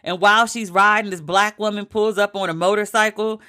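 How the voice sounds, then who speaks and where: A woman's voice: medium pitch, a little fast, bright, forceful tone. A woman hosting a podcast, recapping a TV episode in casual, profane, emphatic storytelling with quoted asides. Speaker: podcast host. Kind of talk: casual pop-culture commentary.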